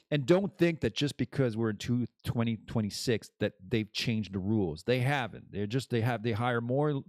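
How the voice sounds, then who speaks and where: A man's voice: lowish voice, darkish tone, no echo, studio quality. A man hosting his own podcast in a casual, rambling monologue that drifts between topics and laughs at his own jokes. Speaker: podcast host.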